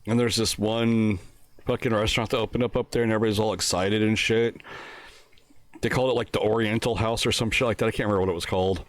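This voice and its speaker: A man's voice: lowish voice, fairly even intonation, quick pace. A middle-aged man telling a crude story in casual podcast chat, laughing often. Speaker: podcast co-host.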